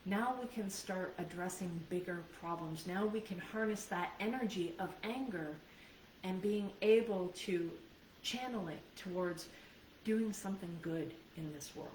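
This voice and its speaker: A woman's voice: fairly low pitch, darkish tone. A woman coach giving a live video training in an earnest, conversational manner, often checking in with her listeners. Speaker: life and business coach. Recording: roomy sound from a distant mic, faint background noise.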